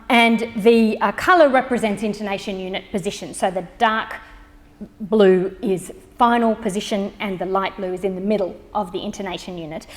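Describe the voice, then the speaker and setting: A woman giving a public lecture, explaining charts in a measured way with frequent fillers. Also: mid-range voice. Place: library lecture hall. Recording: long reverb in a lecture hall.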